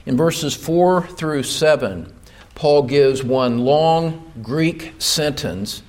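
A male pastor delivers a sermon from the pulpit in a high voice, taking his time over each phrase. He speaks with emphasis and builds toward loud rhetorical questions. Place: church pulpit.

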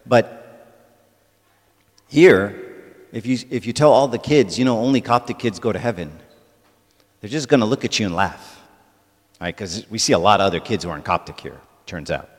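A man's voice: on the low side, expressive, moderate pace, pauses often. Man giving a talk in a church hall. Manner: conversational, asks the audience "right?" often. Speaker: church speaker.

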